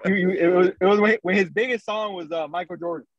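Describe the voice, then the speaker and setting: A man's voice: high voice, fast, no room sound. Podcast co-host, man, rambling casual storyteller, muffled remote-call sound. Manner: loose storytelling with many fillers. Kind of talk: casual chat.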